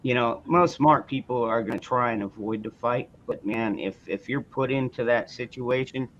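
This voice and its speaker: A man's voice: medium pitch, moderate pace, fairly bright tone, highs cut off, a little hiss or hum. A man chatting casually on a podcast, blunt and profane, often restarting his sentences. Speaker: host.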